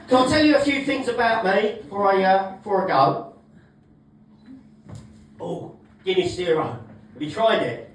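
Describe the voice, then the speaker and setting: Male stand-up comic, brash, sweary, booming room echo, distant mic, audible room noise. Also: lively intonation, moderate pace. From England. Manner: brash, sweary, shouting punchlines. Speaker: stand-up comedian. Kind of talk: stand-up set. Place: comedy club stage.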